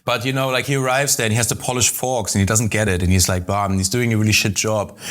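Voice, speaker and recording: A man's voice: on the low side, fairly even intonation, fast talker, fairly bright tone. A man co-hosting a food podcast, chatting casually, swearing freely and retelling scenes. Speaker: podcast co-host. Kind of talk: casual chat.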